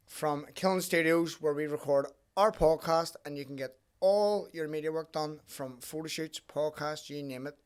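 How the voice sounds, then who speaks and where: A man hosting a casual podcast, loose and sweary, often breaking into laughter. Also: on the high side. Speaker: podcast host.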